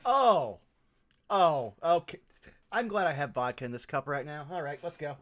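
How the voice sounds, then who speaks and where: Guy at the game table, bright sharp voice, casual banter about his character. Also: on the high side, very animated. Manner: quick reactions, describes his character's actions. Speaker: player.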